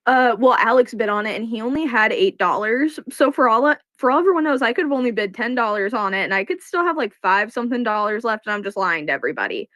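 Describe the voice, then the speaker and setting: A woman with a fairly high voice talks in casual chat, emphatic and ready to curse. Her sound is dry and close, with no room around it. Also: fast talker, few pauses, no echo. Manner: animated, emphatic, swearing, laughing. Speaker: online game player, co-host.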